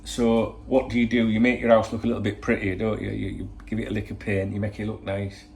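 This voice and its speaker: A man's voice: lowish voice, flat delivery, fast talker, creaky, a little mellow. A man hosting a football channel, talking in a rambling, swear-laden opinion monologue full of rhetorical questions.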